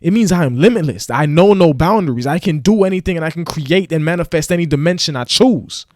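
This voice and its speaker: A man's voice: a little high, lively intonation, fast, a little mellow, no echo, studio quality. A man giving a casual motivational rant to camera, slangy and preachy, now and then acting out mocking voices. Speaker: motivational vlogger.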